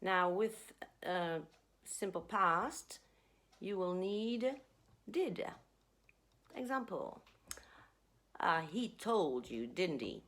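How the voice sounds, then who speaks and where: A woman's voice: on the low side, extremely slow, long pauses. A woman teaching an online English lesson, taking her time and stretching her words. Her voice rises and falls a great deal as she demonstrates intonation, checking in with her students again and again. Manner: expressive, plays with intonation, checks in with "okay?".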